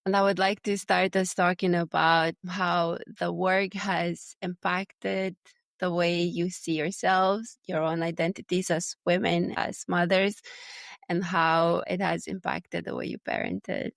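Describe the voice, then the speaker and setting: Host, a woman with a deepish voice full of fry, speaking slowly and deliberately on a dry mic. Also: level tone, dry recording. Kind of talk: podcast round table moderation.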